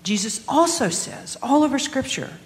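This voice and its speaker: A woman pastor co-hosting a live podcast, explaining scripture in an earnest, measured way. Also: high voice, animated. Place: large hall with a live audience. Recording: hall reverb.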